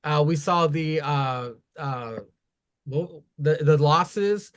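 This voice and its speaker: A man co-hosting a casual wrestling review podcast, talking in a profane, animated, rambling way. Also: on the high side, slow pace. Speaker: podcast co-host.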